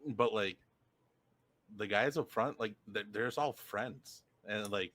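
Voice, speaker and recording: Laid-back guy with a lowish voice giving his blunt take on a podcast. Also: takes it slowly, fairly bright tone. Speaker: podcast co-host. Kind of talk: casual podcast chat.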